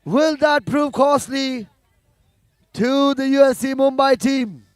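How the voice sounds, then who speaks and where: A man giving live play-by-play commentary on a football match, calling passes quickly and rising to shouts at goals. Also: very high-pitched, no echo, studio quality.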